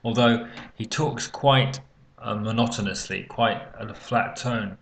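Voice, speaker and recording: A man with a low, gravelly voice walks through feedback on a student's spoken exam answer. He talks off the cuff, hesitant and halting, full of ums and repeated words as he gathers his thoughts. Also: fairly even intonation, fairly bright tone, slight background noise. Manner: hesitant, many fillers and restarts, occasional coughs. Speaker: English exam teacher. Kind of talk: unscripted spoken lesson.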